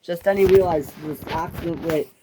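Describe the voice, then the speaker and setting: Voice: mid-range voice, steady tone, normal speed, noisy background. A narrator telling a toy train story off the cuff, correcting slips as they go. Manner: unscripted, self-correcting.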